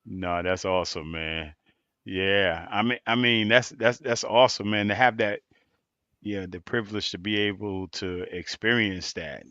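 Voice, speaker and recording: A man's voice: on the low side, steady tone, a little slow, pushed and bright, no echo, highs cut off. A man hosting a podcast, who laughs along with his guest and gives short, agreeing replies before he asks a question. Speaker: podcast host. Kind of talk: casual interview.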